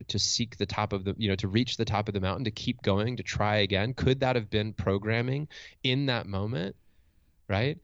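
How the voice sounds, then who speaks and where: Man, middle-aged, motivational speaker, fry in the voice, dull dry recording, earnest, restarts often. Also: medium pitch, dry recording. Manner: reflective, earnest, with frequent restarts. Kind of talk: storytelling in conversation.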